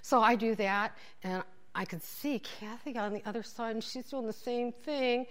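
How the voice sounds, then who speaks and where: A woman's voice: a little high, moderate pace. A woman telling a funny personal story, acting out what everyone said, dropping to whispers and breaking into laughter. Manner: animated, acts out quotes, whispers asides, laughs while telling.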